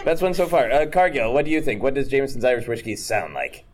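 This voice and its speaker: A man's voice: mid-range voice, expressive, fast talker, crowd noise. A man hosting a casual chat, playful and mock-regal as he hands out questions. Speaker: host.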